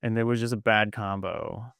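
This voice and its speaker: Smooth-voiced young man, casual host. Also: fairly low pitch, dry recording, clean studio sound. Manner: relaxed, laughs along, halting fillers. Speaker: podcast host. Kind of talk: casual podcast chat.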